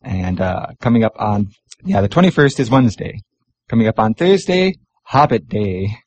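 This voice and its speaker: Chatty male community radio host. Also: on the low side. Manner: relaxed, chatty, pauses with many fillers. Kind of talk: casual radio show chat. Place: radio studio.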